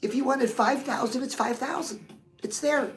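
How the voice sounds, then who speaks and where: A woman's voice: high-pitched, moderate pace, soft background music, rough recording. A woman hosting a livestream pep talk, coaching listeners in a sassy, direct way and calling them "girl". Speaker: host.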